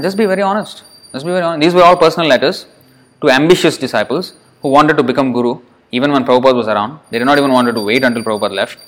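Guy teaching devotees, earnest, repeats himself to drive points home, mid-pitched voice. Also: fairly bright tone, poor audio. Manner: earnest, explanatory, repeats phrases for emphasis. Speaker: religious teacher. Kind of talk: spiritual lecture to devotees.

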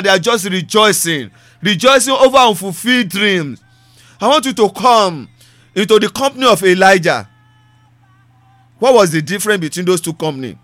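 Bright high-voiced male preacher. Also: expressive, brisk, dry recording. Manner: preaching with repetition and rising emphasis. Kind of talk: sermon.

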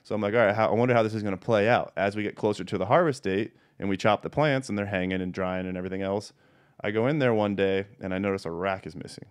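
A man's voice: deep voice, smooth. A man hosting a podcast, telling blunt, profanity-laced stories in a casual chatty way. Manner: profane, blunt, animated storyteller. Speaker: podcast host. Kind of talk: casual storytelling.

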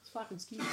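A woman's voice: on the low side, gravelly. A woman in casual, sweary banter with friends. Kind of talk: casual chat. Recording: noisy echoey room.

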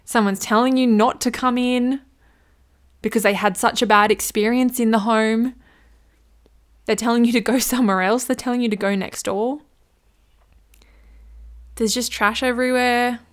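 A woman's voice: fairly high pitch, fairly even intonation, moderate pace, long pauses. A woman hosting a solo business podcast, chatty and playful, acting out little scenes as she gives advice. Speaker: podcast host, business coach.

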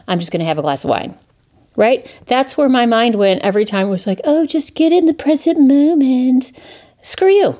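A middle-aged woman hosting a solo podcast, candid and profane, with her voice jumping up high when she rants in exasperation. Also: a little mellow. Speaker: podcast host.

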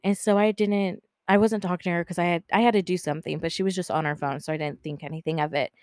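Low-voiced woman telling a story. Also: steady tone, fast talker, darkish tone, no room sound, clean studio sound. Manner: chatty, filler-heavy, swears freely; acts out dialogue in quotes. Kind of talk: casual storytelling.

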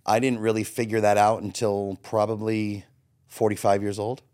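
A man in his forties from Florida, appearing as a podcast guest, tells his own story bluntly and profanely, acting out his past thoughts as quotes. He speaks at a moderate pace with a fairly low, a little mellow voice and flat delivery.

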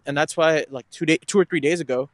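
A man's voice: on the high side, fast, dry recording. A man hosting a podcast, talking casually into his phone while outdoors on a walk, a little out of breath, rambling and correcting himself as he goes. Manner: rambling, self-correcting and candid. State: slightly out of breath from walking. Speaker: podcast host. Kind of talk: casual walking monologue.

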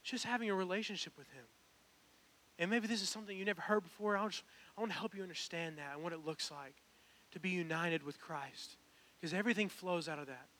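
Fast and forceful, with a high, bright voice, the young pastor drives a personal, earnest sermon toward emphatic altar calls.

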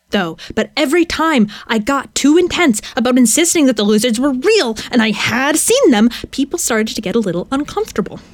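A woman's voice: fairly high pitch, no echo, clean studio sound. A woman reading as an obsessed storyteller. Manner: intense, rambling, wry. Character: young adult storyteller haunted by lizards. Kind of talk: first-person story reading, audio drama.

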